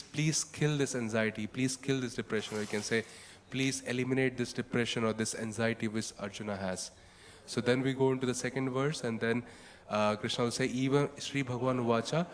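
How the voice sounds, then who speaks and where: A man's voice: mid-range voice, big-room sound. A man giving a casual talk on scripture, chanting verses and then explaining them with many fillers like "like" and "you know.". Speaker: devotional speaker explaining scripture. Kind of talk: casual spoken scripture commentary.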